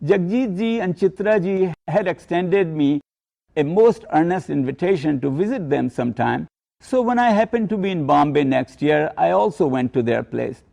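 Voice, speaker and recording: Older man, gravelly, mellow storytelling. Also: on the high side, animated. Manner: measured storytelling with quoted Hindi asides. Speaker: narrator of a personal tribute. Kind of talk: reminiscing narration.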